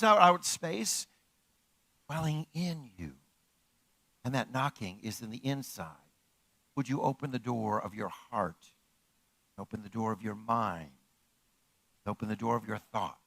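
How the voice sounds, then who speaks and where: A pastor delivers a sermon, repeating his points and putting rhetorical questions to the congregation as he shifts from hushed, close lines to loud, emphatic calls. His pitch is fairly high, and the recording has no echo.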